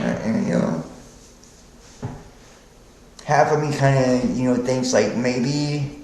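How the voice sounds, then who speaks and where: A man's voice: medium pitch, a little mellow, echoey room, a little hiss or hum, low-quality recording. A man hosting a podcast, preaching in a rambling, profane monologue that keeps checking in with "right?". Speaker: podcast host.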